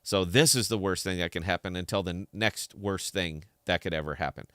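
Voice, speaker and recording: Man, low voice, clear tone, slight lisp, heated opinionated rant, dry close mic. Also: fairly quick, a bit bright, no room sound. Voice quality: slight lisp from a dental hole. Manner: heated, ranting, repeats words when worked up. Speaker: podcast host. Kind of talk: opinionated solo commentary.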